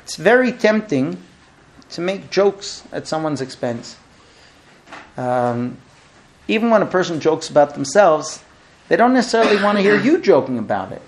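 Animated middle-aged man lecturing. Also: on the high side, moderate pace, long pauses. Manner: animated storyteller, acts out quoted dialogue. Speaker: rabbi teaching a recurring class. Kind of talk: lively classroom lecture with humor.

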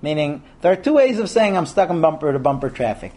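A man leading a Torah class, talking with a somewhat high voice. He is lively and animated, slipping into the voices of the people he quotes and throwing rhetorical questions at his listeners. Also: a little fast, few pauses. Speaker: rabbi teaching a Torah class. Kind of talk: lecture to a class of men.

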